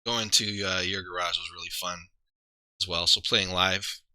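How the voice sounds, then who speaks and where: A man's voice: deep voice, fairly even intonation, normal speed, pushed and bright, no echo. A man chatting casually on a livestream, rambling and thinking aloud with many fillers and restarts. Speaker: streamer and league player.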